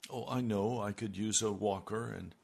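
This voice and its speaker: An older man preaching a sermon, slow and emphatic, with a gravelly voice. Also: on the low side, steady tone, a little mellow. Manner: slow and emphatic, rising in intensity when quoting God.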